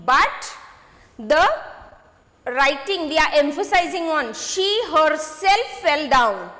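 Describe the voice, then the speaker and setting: Slow high-voiced teacher in echoey room. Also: female voice, bright, forceful tone. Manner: slow, repetitive, addresses students with "okay?" checks. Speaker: grade six English teacher. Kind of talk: classroom grammar lesson.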